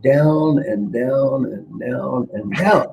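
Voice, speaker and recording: A man's voice: medium pitch, extremely slow, vocal fry, darkish tone, a little hiss or hum, rough recording. An older man, a guest coach, talking reflectively in an interview and repeating key phrases for emphasis. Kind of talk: reflective interview talk with storytelling.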